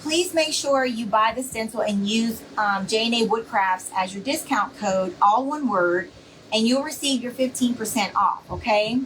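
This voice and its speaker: A chatty woman talks casually to viewers on a live stream, rambling and reassuring. Her voice sits a bit high and comes from slightly away from the mic, with a faint hum of room noise behind her. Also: moderate pace, a bit bright, recorded from a distance, low-quality recording. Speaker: craft seller hosting a live stream.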